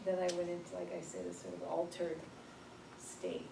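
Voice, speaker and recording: A woman presenting a workshop, telling personal stories in a lively, informal way and laughing at herself. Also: lowish voice, normal speed. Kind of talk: personal storytelling in a workshop talk. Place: workshop room. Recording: echoey room, far from the mic, noisy.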